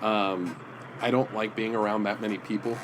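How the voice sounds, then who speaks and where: A man co-hosting a podcast in casual chat, telling halting, rambling stories full of restarts. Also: fairly low pitch, fairly even intonation, background noise. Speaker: podcast co-host. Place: indoor room with comic prints.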